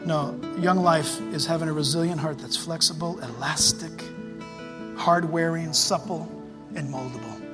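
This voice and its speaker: A man preaching a sermon as pastor, telling stories in an animated way with loud excited bursts. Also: on the high side, normal speed, in a large hall, over music.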